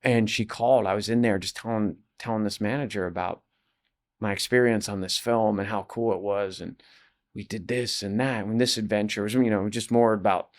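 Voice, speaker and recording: Rambling, animated male actor storyteller. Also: fairly low pitch, moderate pace. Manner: rambling, animated, with many restarts. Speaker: actor guest. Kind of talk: casual storytelling interview.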